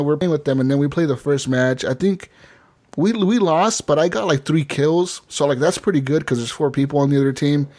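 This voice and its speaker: A man from Oregon co-hosting a gaming podcast, talking in an excitable, profane way and laughing often. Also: a little high. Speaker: podcast co-host. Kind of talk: casual gaming chat.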